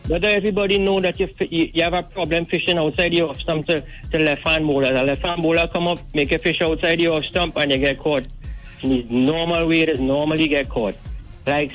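High-voiced Trinidadian man phoning in. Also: fairly bright tone, rough recording. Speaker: caller. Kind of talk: phone-in joke telling.

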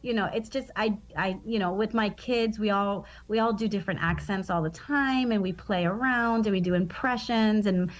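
A woman in her thirties from East Baltimore, a comedian talking in a casual interview, with a Baltimore accent that slips into Trinidadian, lively and laughing as she tells stories. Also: medium pitch, normal speed, few pauses. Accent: Baltimore with Trinidadian traces. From East Baltimore, USA. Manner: lively, laughing, witty storyteller. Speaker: comedian guest.

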